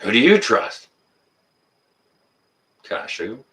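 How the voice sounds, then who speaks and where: A man chatting casually on a livestream, his voice swinging up and down as he rants and then calms to apologize. His tone is bright and sharp. He sits a little back from the microphone. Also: lowish voice, very slow, distant mic. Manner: ranting, gets worked up then apologizes. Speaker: livestream host reading viewer comments.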